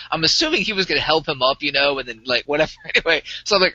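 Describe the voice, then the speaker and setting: Animated man recounting a game session. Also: fairly high pitch, fast talker, few pauses, dry recording. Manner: animated, laughs often. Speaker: game master. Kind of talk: casual storytelling about a tabletop game. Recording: dull lo-fi dry podcast audio.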